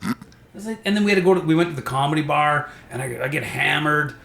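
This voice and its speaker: A man's voice: a little high, fast talker, vocal fry, a little hiss or hum. Comedian guy spinning stories, does everyone's voices, roomy echoey sound. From Canada. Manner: animated storyteller, acts out voices of others. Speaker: stand-up comedian guest. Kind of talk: casual storytelling chat. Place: podcast studio. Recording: roomy echo.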